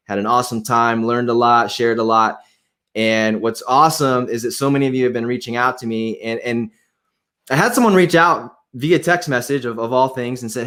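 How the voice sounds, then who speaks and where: Brief: eager male host, mid-range voice, casual and chatty. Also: mid-range voice. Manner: excited, enthusiastic. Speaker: podcast host. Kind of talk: casual interview hosting.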